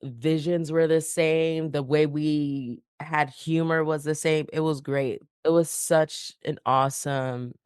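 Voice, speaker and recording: A woman's voice: sits low, slow pace, hardly any pauses, clear, resonant tone, no room sound, clean studio sound. A woman from New York, a podcast guest, telling her story casually and acting out the dialogue. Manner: animated, acts out quoted dialogue.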